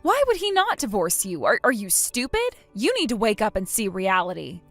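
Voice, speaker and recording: A woman's voice: medium pitch, animated, fairly quick, gravelly, dry recording, soft background music. Woman voicing a stern, scolding wronged woman. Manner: cold, scolding. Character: stern wronged young woman refusing forgiveness. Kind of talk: scripted drama voice acting.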